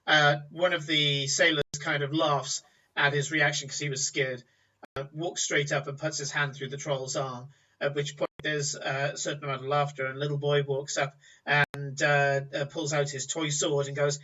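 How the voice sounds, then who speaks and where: A man's voice: on the high side, level tone, normal speed, bright, forceful tone. A man narrating a tabletop game as game master, with vivid descriptive storytelling, on a distant, muffled recording.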